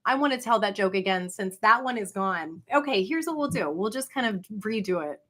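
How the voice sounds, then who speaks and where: A woman, rambling on a livestream, swinging between gushing greetings to viewers and low confiding asides. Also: animated, brisk, few pauses, fairly bright tone. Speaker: livestream vlogger.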